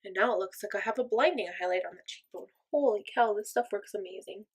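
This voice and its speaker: Talking fast in a medium-pitched, husky voice, a woman casually narrates a makeup tutorial, musing aloud and making fun of herself. The vlogger is mostly of German descent, with some Irish and Norwegian ancestry.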